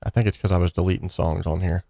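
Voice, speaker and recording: Deep, gravelly man hosting a livestream. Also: flat delivery, quick pace, dark tone, dry recording, studio quality. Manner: earnest, encouraging, loosely rambling with fillers. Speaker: livestream host of a song contest. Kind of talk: casual livestream chat.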